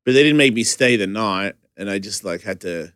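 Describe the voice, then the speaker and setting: A man's voice: fairly low pitch, fairly quick, clear, resonant tone, dry recording, studio quality. A man telling a chaotic story in casual chat, swearing freely and laughing as he goes. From Australia. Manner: animated, profane, laughing storyteller.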